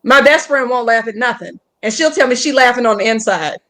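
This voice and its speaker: A young woman comedian with an Atlanta accent, chatting in a casual interview over a call, animated and joking. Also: fairly high pitch, a little fast. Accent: Southern US, Atlanta. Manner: animated, joking, slips into put-on voices. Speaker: comedian guest. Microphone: phone or video call.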